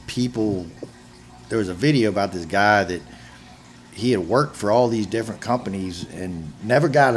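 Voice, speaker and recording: A man in his forties hosting a casual chat, talking in a halting, rambling way with frequent restarts. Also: lowish voice, a little hiss or hum. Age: 40s.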